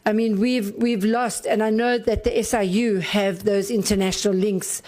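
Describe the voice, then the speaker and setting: A woman's voice: mid-range voice, fairly even intonation, moderate pace, a little mellow. A woman, a member of parliament, questions officials in a committee in a meandering, hesitant way. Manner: meandering, hesitant, with many fillers.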